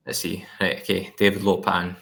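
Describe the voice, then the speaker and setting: A man co-hosting a podcast, chatting in a relaxed and joking way. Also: sits low, vocal fry. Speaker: podcast co-host. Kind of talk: casual chat.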